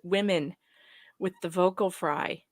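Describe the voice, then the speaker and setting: A woman's voice: fairly low pitch, fairly even intonation, slow pace, no echo, studio quality. A woman co-hosting a live stream in casual chat, blunt and scornful.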